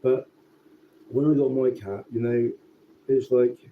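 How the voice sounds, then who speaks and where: A man telling a rambling, sweary story in a casual, relaxed way. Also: medium pitch, measured pace. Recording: tinny phone-like sound with faint background noise.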